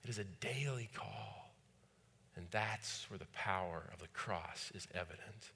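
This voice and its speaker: A man's voice: on the low side, unhurried, gravelly, bright, forceful tone, husky. A man preaching a sermon as pastor, repeating phrases and putting rhetorical questions to the congregation. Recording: long hall reverb.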